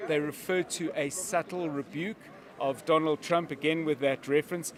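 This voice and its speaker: A man giving live news commentary as a media analyst, explaining in a measured way with examples. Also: on the high side, fairly even intonation.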